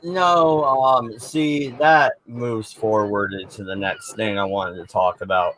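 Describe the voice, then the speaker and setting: A man co-hosting a podcast, telling a story in an unhurried way with fillers. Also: fairly low pitch, steady tone, a bit bright, slight background noise. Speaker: podcast co-host. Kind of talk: casual talk show banter.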